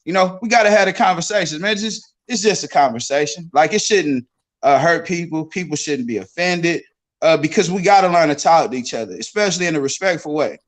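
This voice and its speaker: A man's voice: on the high side, expressive, fairly quick. A man hosting a casual talk show, speaking loosely with lots of repeats and "bro". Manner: loose, repetitive, says bro a lot. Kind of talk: casual chat.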